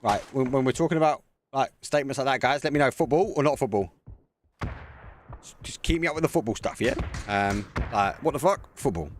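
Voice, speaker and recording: A man casting a live esports match as a community caster, chatty and excitable, talking to viewers between plays. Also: medium pitch, fairly quick, slight background noise. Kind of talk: live community game commentary.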